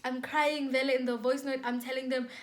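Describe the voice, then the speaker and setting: A woman's voice: sits high, level tone, a little fast. A young South African woman telling a dramatic storytime on her vlog, with lots of repetition and acted-out quotes. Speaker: YouTuber.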